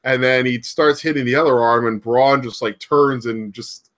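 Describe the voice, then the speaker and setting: A man's voice: mid-range voice, steady tone, normal speed. A man co-hosting a casual wrestling podcast, recapping a match in a rambling way with lots of fillers and restarts, laughing now and then. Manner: laughs often, acts out quoted shouts. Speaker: podcast co-host.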